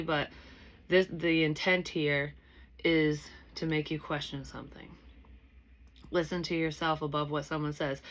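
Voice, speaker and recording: Low-voiced woman rambling through a psychic reading. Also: fairly bright tone, a little hiss or hum. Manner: rambling, swears freely, thinks aloud with many restarts. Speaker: psychic medium reader. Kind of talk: casual spoken tarot reading.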